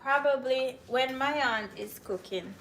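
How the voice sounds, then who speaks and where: A woman's voice: high-pitched, a little slow, vocal fry, noisy background. A young Jamaican woman with a Jamaican accent, chatting with viewers on a cooking livestream and answering their comments. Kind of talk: casual live-stream chat while cooking.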